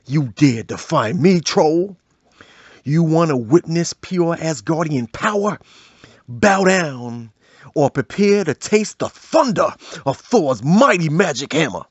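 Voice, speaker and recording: A man voicing a pompous thunder god who speaks in slow, grand, old-fashioned phrases. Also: fairly high pitch, expressive, slightly rough, no room sound, lo-fi sound, exaggerated voice. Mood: grandiose.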